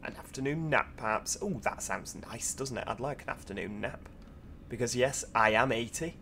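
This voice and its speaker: Tired male streamer, mid-pitched, casual rambling commentary with a faint hum behind him. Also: normal speed, bright, forceful tone. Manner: chatty, rambling, self-deprecating asides. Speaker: train sim video host.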